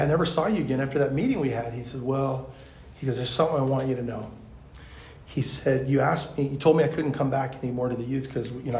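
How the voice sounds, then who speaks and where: A man, a pastor, teaching at a youth conference in a chatty, animated storytelling way, full of fillers. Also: mid-range voice, gravelly, slight background noise. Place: large conference hall. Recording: echoey hall.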